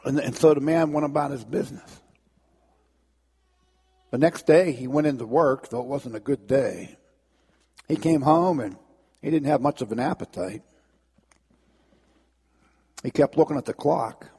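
Gravelly male preacher telling a dramatic story. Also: medium pitch, dark tone, big-room sound. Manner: dramatic, halting storyteller with restarts. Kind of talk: sermon storytelling.

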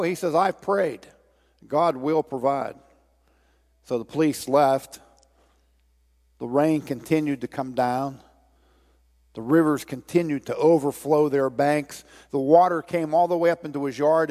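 A man preaching a sermon, telling a story in a drawn-out way. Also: fairly high pitch, darkish tone, long reverb tail. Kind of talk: sermon with a told joke.

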